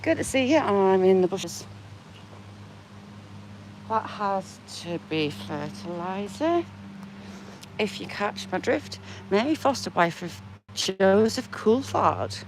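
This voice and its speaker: A woman's voice: mid-range voice, lively intonation, slow pace, pauses often, slight background noise. A woman walks through a churchyard on a casual vlog, chatting playfully and reading old headstones aloud. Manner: chatty and playful, jokingly greeting the graves. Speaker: vlogger giving a walking tour. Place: outdoors in a churchyard among trees.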